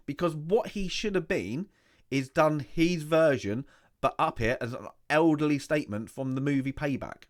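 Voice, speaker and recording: A man's voice: fairly high pitch, expressive, normal speed. A man hosting a casual review, rambling and chatty, full of rhetorical questions and asides, his voice still recovering from loss. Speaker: host.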